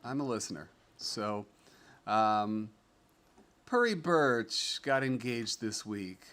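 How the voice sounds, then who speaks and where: A man's voice: lowish voice, sing-song, slow, a bit bright. A middle-aged man hosting a casual livestream, chatting and reading viewer comments aloud in an upbeat, rambling way with lots of fillers. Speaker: livestream host.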